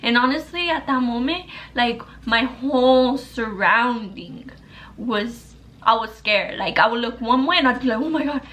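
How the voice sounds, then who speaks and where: A woman's voice: a little high, measured pace, fairly bright tone. A young woman vlogger telling a story to the camera in a rambling, profane, casual way, full of fillers.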